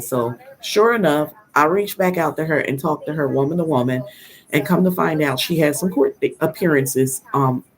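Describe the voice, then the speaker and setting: An older woman, a grandmother, hosting a casual live stream and telling stories in a firm, no-nonsense way, acting out quoted dialogue and now and then clearing her throat. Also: deep voice. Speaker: host of a live parenting talk.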